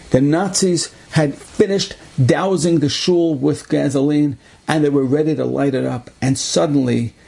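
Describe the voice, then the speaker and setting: A man with a husky, gravelly voice tells an inspirational story with earnest conviction. His tone is mellow and dark, and he often repeats phrases for weight. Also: mid-range voice. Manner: earnest, repetitive emphasis. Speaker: religious storyteller.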